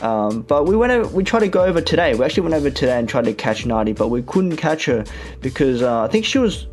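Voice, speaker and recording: A young man from Australia with an Australian accent, hosting a radio show in a chatty, relaxed way with many fillers. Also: a little high, quick pace, faint music behind. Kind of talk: casual radio chat.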